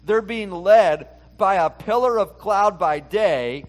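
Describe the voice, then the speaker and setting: A man's voice: high-pitched, slow. Man preaching a casual, chatty sermon. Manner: casual, asks many rhetorical questions. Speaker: pastor. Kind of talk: conversational sermon.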